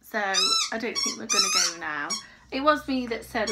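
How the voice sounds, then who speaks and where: A woman's voice: a little high, huge pitch swings, moderate pace, heavy background noise. A woman chatting casually and rambling in a crochet vlog from her home. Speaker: crochet vlogger. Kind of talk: casual chat.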